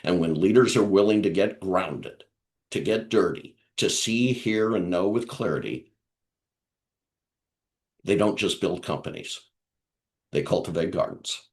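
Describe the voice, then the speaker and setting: Low-voiced man speaking in measured phrases. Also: darkish tone. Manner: measured, aphoristic delivery. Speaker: guest speaker on leadership. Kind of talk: reflective talk on a video call. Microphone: video call. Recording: video call audio.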